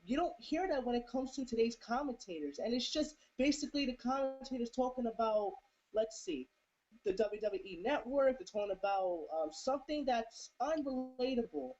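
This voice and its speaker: A woman in a casual chat, explaining points in a measured way with frequent fillers. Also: on the high side, expressive, a little mellow. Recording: dull lo-fi.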